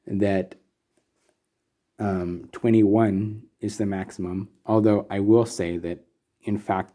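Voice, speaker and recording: Slow, mellow-voiced male Sanskrit teacher. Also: fairly low pitch. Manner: patient, methodical, frequent ums. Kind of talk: slow recorded lesson.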